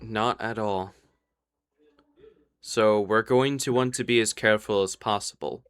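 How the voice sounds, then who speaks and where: A man's voice: lowish voice, steady tone, a little slow, a bit bright, clean tone, no room sound. A young man running a live tabletop game as dungeon master, chatting casually and explaining the rules plainly.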